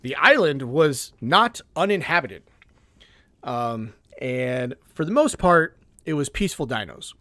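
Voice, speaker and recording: A man's voice: a little high, measured pace, dry recording. Man telling a gaming story in a dry room. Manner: animated storytelling with restarts. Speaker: co-host. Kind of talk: casual gaming podcast chat.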